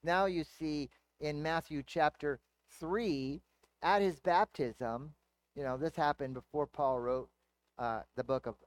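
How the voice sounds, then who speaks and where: A man's voice: fairly high pitch, slow, no room sound. Man preaching a conversational sermon. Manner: conversational teaching with rhetorical questions. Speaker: pastor.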